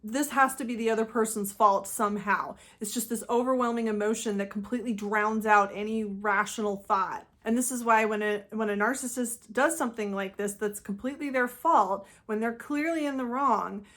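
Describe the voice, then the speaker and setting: A woman with a slightly high voice talks alone to her audience as host of her own channel. She explains things step by step in an earnest, emphatic way. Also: moderate pace, hardly any pauses, a bit bright. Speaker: host of a channel about narcissism. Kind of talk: explanatory solo talk.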